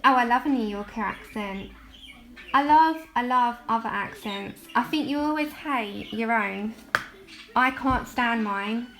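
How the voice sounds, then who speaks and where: A woman's voice: on the high side, measured pace, fairly bright tone. A woman in her thirties with a London accent, chatting casually and giggling while she colours on a live stream.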